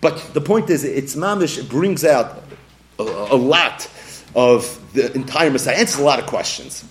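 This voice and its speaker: A man teaching a Talmud lecture, animated, acting out little scenes and laughing often. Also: medium pitch, normal speed, slight background noise. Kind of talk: yeshiva-style Talmud lecture.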